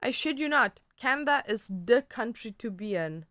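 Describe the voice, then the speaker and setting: A woman's voice: fairly high pitch, expressive, normal speed, fairly bright tone, dry recording, studio quality. A young woman chatting casually on a livestream, peppering her talk with "like" and swearing. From Germany. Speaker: streamer. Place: home.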